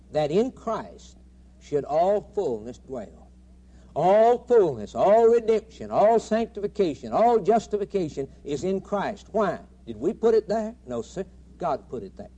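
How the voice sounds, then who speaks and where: A man's voice: on the high side, warm tone, slightly rough. A man preaching a sermon with emphatic, rhythmic repetition.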